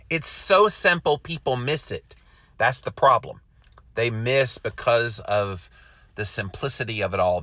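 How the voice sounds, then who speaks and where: A man's voice: fairly low pitch, sharp tone, no room sound, clean studio sound. A middle-aged man with a Southern US accent, hosting a casual live chat and answering viewer comments in an earnest, folksy way. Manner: earnest, folksy, hums filler syllables while reading. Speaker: host reading viewer comments.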